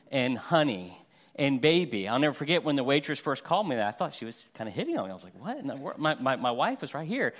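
Animated middle-aged male preacher. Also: on the high side. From Florida. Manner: conversational, self-deprecating humor with animated examples. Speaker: guest pastor. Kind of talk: sermon.

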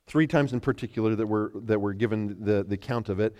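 A man preaching a sermon, animated, acting out scripture voices and dropping to near whispers. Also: fairly low pitch, quick pace. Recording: long hall reverb.

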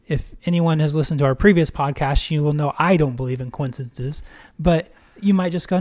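Male podcast co-host, slightly high-pitched, earnest and thoughtful. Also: normal speed, few pauses, darkish tone. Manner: earnest and reflective. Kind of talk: casual podcast chat.

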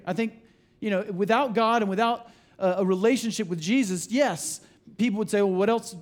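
A man with a fairly high voice delivers a sermon from the pulpit. He preaches in an animated way, breaking into acted-out quotes and conversational asides. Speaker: pastor.

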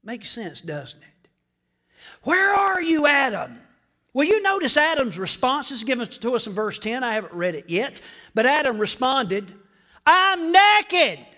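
A man preaching a sermon to a church congregation, swinging between hushed whispers and loud, dramatic shouting. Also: very high voice, sing-song, normal speed. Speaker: pastor.

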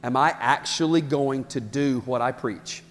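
A man preaching a sermon as pastor, impassioned and building to shouts. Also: mid-range voice, unhurried, slight background noise. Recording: long hall reverb with faint music.

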